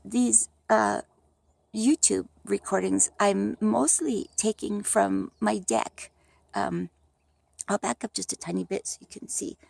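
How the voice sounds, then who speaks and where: A middle-aged woman with a heavily gravelly, fry-laden voice talks off the cuff, rambling and animated with many restarts. The sound is dry and close. She sounds like she is chatting outdoors on her deck. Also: mid-range voice, dry recording. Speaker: vlogger. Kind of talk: unscripted casual monologue.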